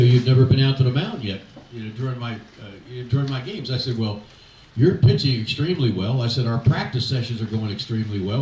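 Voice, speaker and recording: A man's voice: mid-range voice, a little hiss or hum. An older man, a retired coach, telling folksy anecdotes at an event, with many fillers and acted-out quotes. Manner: folksy anecdotes, quoting others in animated voices, halting fillers. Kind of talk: after-dinner storytelling speech. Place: event hall. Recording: echoey hall, mic heard from a distance.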